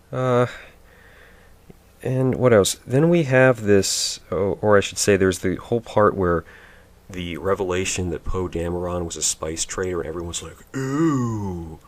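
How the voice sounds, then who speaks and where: A man giving a sarcastic, rambling movie review, mocking the scenes and sometimes mimicking the characters in silly voices. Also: low voice. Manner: rambling, offhand.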